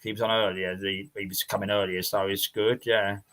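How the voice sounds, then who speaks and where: A man's voice: on the low side, flat delivery, brisk, fairly bright tone. An English man hosting a casual live stream chat, rambling and repeating his words as he reads out viewer names. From England.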